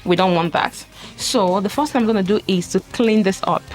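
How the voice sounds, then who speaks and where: A woman's voice: mid-range voice, brisk, darkish tone, faint music behind. A woman talking casually through a makeup tutorial as she works, chatty and often apologizing along the way. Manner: chatty, apologetic, talks while working. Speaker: beauty vlogger. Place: home, filming herself at a mirror.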